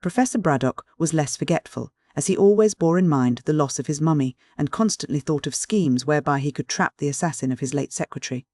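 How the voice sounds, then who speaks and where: Audiobook narrator, clear and measured, mid-pitched voice, dry close sound. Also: no room sound. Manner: clear, even, measured reading. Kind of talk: scripted literary audiobook narration.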